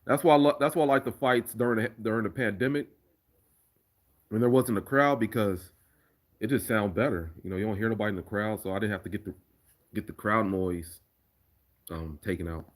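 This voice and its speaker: On a casual live stream, a man reads viewer comments and chats loosely about fights and his remixes, rambling and restarting sentences often. His voice sits on the low side and moves briskly, with long pauses.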